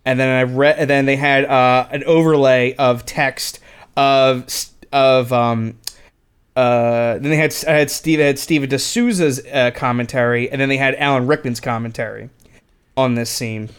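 A man talks films in a loose, conversational way, circling back and restarting his sentences as he retells behind-the-scenes stories. His pitch sits right in the middle for a man. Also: fairly even intonation, moderate pace, clean tone. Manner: rambling, with many restarts and retold quotes. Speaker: podcast co-host. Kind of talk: casual film commentary chat.

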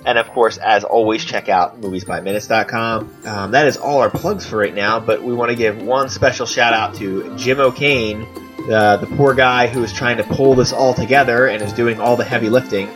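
A man's voice: medium pitch, fairly even intonation, normal speed, a bit bright, soft background music. A man hosting a podcast in casual, joking chat. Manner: joking, chatty, with restarts. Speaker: podcast host.

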